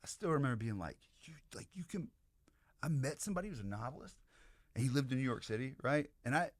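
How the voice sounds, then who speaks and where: A man's voice: medium pitch, expressive, quick pace, no room sound, clean studio sound. A man, rambling through stories as a podcast guest, full of "like" and "you know". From American South. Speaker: podcast guest, comedian and history professor. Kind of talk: casual podcast storytelling.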